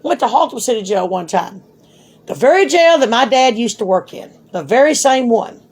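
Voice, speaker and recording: A middle-aged woman talks to her grown son, spinning long stories in a blunt, animated way. She swears freely and talks to him straight. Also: a little high, moderate pace, breathy edge. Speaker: mother talking to her son. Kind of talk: casual storytelling.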